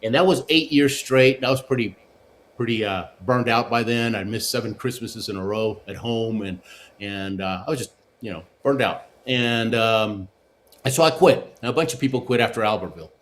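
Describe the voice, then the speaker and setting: Middle-aged male interview guest, animated raconteur who keeps asking "right?". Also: medium pitch, normal speed, slight background noise. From Argentina and the United States. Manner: animated storyteller, many restarts and "right?" tags. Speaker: guest, former Olympic luge athlete. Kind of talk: casual storytelling interview.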